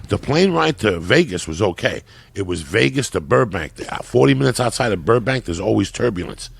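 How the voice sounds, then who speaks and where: A man who is a podcast guest, telling loud, profane stories in casual chat. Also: lowish voice, lively intonation, brisk, creaky, slightly rough, dry recording.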